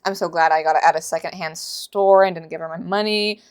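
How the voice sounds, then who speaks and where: A woman's voice: on the low side, steady tone, fairly quick, clear, resonant tone. A woman in her twenties giving casual, sarcastic commentary in a book reaction vlog, rambling and exasperated.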